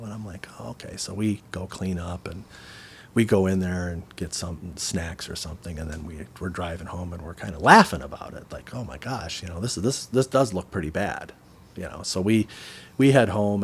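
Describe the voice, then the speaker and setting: A man, co-hosting a podcast and telling a story in a casual, animated way, acting out the voices of the people in it. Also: lowish voice, slightly rough. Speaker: podcast co-host.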